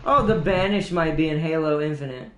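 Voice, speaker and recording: A male streamer with a high voice rambles through casual gaming chat, enthusiastic and quick to laugh. His voice echoes around the room he records in, which gives it a hollow, roomy ring. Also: fairly bright tone, a little hiss or hum. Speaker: streamer host.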